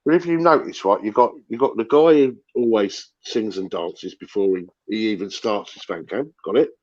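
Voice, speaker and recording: A man's voice: fairly low pitch, normal speed, a little mellow, dull audio. Rambling middle-aged man. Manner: rambling, repeats himself, swears. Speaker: football fan panelist. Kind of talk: casual livestream chat.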